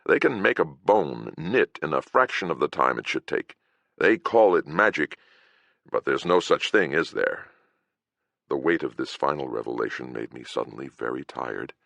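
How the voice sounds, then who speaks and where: A man's voice: extremely low pitch, expressive, normal speed, creaky, a bit bright, dry recording. A man reading a fantasy detective novel aloud in a dry, wry first-person narration. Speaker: audiobook narrator.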